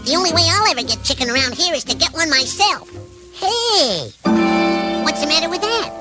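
A tiny boy chicken hawk from a classic cartoon, acted by a woman. His voice is high and bouncy and swings up and down. He talks brash and cocky, sure he can take on anyone. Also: sing-song, normal speed, over loud music.

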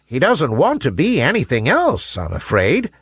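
A man's voice: a little high, wildly swooping pitch, moderate pace, a bit bright, slightly rough, no room sound, clean studio sound, pitched above the performer's own voice, full character voice. A man voicing a group of worried clouds in a children's story, pleading in a raised, anxious voice.

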